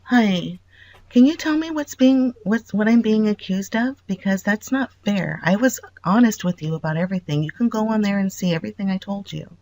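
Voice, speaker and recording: Woman, phone call, patient, explains step by step, mid pitch. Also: moderate pace, dark tone. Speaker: online helper on a phone call.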